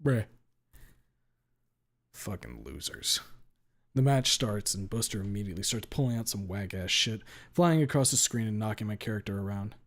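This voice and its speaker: A man reading a first-person story aloud with a blunt, deadpan delivery and casual swearing. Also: on the low side, fast talker, few pauses. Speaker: story reader.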